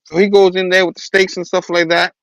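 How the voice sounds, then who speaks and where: A man's voice: high voice, little pitch movement, fairly quick, fairly bright tone, no echo, dull audio. A man hosting a casual comic book review, rambling and chatty. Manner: rambling, laughs often. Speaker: host.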